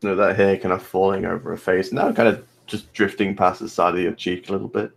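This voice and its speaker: A man running a tabletop role-playing game, narrating scenes slowly with hesitant restarts. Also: sits low, level tone, vocal fry. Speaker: game master.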